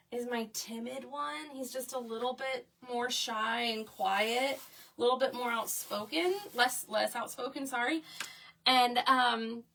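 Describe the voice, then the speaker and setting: A craft video host chats to viewers while making a craft piece, telling a story in a high, bright, forceful voice. She calls her audience "y'all" and often tacks on "okay?", and she sounds a bit far from the mic.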